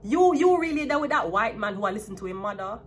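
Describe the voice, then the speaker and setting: A woman's voice: a little high, expressive, quick pace, a little hiss or hum. A Jamaican woman in her thirties giving a casual, emphatic tarot reading, talking animatedly and repeating her points. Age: 30s. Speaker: tarot reader.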